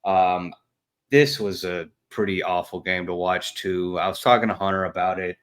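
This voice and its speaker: A man's voice: low voice, normal speed, a bit bright. A man, co-hosting a casual sports podcast, blunt and trash-talking with lots of fillers. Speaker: podcast co-host.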